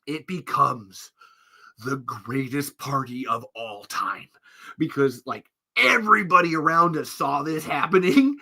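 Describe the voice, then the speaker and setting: A man's voice: mid-range voice, a little slow, gravelly. A man hosting a podcast, telling a story in casual chat, swearing freely, laughing mid-sentence and acting out what people said. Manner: animated, profane, acts out quotes in raised voices. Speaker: podcast host.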